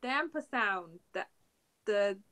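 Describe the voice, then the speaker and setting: A young woman co-hosting a geek podcast, chatting excitedly and laughing often. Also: medium pitch, slow pace. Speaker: podcast co-host. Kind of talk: casual geek chat.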